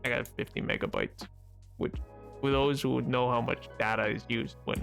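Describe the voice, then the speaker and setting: A young man chatting casually on a game stream, excitable and quick to laugh, reading chat aloud. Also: gravelly, faint music behind. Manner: excitable, bursts into high yelps and laughs, reads chat aloud.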